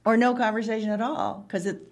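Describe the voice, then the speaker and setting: A woman author being interviewed, telling lively stories and acting out the voices of the people in them. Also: on the high side, a little fast. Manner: animated, acts out quoted dialogue. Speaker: author and guest. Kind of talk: conversational interview storytelling.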